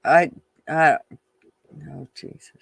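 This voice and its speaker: Male co-host, casual teasing banter, higher pitch, dry mic. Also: steady tone, takes it slowly, gravelly, dry recording. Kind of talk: casual live-stream chat.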